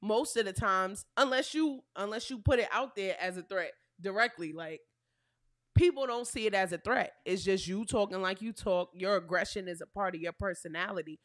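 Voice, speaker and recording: A woman's voice: mid-range voice, normal speed, no room sound, studio quality. A woman chatting casually as a podcast co-host, explaining her point and retelling conversations. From New York. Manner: conversational, explaining with reported dialogue. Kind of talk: casual chat.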